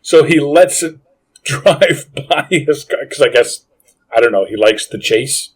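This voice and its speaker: Laid-back man recapping, mid-pitched. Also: animated, a little slow, slightly rough. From Canada. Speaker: podcast co-host. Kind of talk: casual movie podcast chat.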